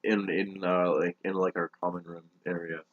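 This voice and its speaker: A young man hosts a casual podcast chat, his voice sitting a little low as he wanders through stories and breaks into frequent laughter. The recording is dull and lo-fi, with a dry, close sound and no room around it. It sounds like two friends talking into a basic home setup. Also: little pitch movement, moderate pace, dry recording. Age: young adult. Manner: rambling anecdotes, laughs often. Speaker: podcast host.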